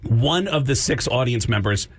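A male comic telling stories with a husky, breathy voice. His pitch jumps around a lot as he acts out each character, over faint music in the background. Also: lively intonation, normal speed. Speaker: guest comedian. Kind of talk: casual storytelling on a radio show.

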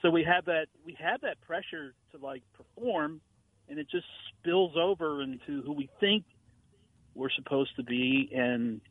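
A man calling into a radio show, friendly and halting as he searches for words. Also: a little high, dry recording. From San Antonio, Texas. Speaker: radio caller. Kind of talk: phone-in call. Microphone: telephone. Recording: tinny dry phone line.

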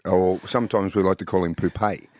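A man with an Australian accent hosting a breakfast radio show, telling stories in an animated, chatty way. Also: low voice, brisk. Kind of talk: casual radio chat. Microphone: studio microphone.

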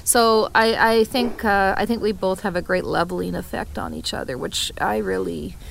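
A woman's voice: medium pitch, steady tone, moderate pace, gravelly, slight background noise. A middle-aged woman co-hosting a podcast, talking earnestly in casual heartfelt chat, often restarting her sentences. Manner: earnest, restarts and repeats words. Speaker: podcast co-host.

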